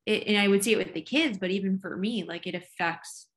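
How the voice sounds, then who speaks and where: A woman in a relaxed conversation who responds thoughtfully and supportively. She gropes for words, restarting her sentences as she works through an idea. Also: medium pitch. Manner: reflective, supportive, halting phrasing. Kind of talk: casual conversation.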